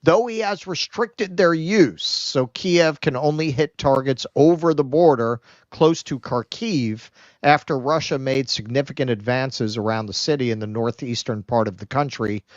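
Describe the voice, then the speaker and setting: A man co-hosting a political stream, talking in a sardonic, casual way with quick asides. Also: mid-range voice, no echo. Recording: dull lo-fi sound.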